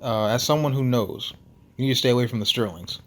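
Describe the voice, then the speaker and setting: A man's voice: medium pitch, fairly quick, natural voice. Nikolai, a man putting on a menacing Russian giant. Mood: grave. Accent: attempted Russian. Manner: gruff, threatening, clipped. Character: massive menacing male lighthouse keeper with Russian accent. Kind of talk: reading a story game aloud.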